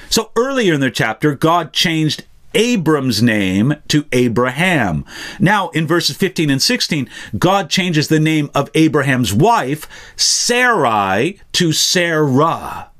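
A man preaching in a slow, deliberate way, his pitch rising and falling a great deal as he stresses his points. His voice sits a little higher than most men's. It is verse-by-verse Bible teaching with emphatic delivery. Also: fairly bright tone. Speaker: pastor.

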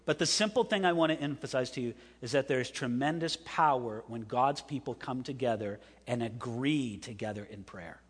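A man's voice: medium pitch, normal speed, hardly any pauses, husky, in a large hall. A man preaching an evening sermon to a congregation, stressing phrases and asking the room questions. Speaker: pastor.

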